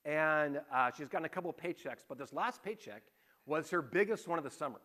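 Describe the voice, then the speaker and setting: A man's voice: a little high, expressive, brisk, fairly bright tone. A middle-aged man preaching a conversational sermon, asking rhetorical questions and telling anecdotes. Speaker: pastor.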